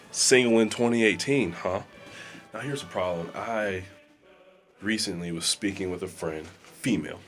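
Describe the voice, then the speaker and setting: A low-pitched man talks straight to camera in a loose, rambling vlog manner, padding his sentences with fillers. He is in a small room with dampened sound. Soft music sits faintly behind him. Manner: rambling, filler-heavy, conversational. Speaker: vlogger and musician. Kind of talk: casual talk to camera.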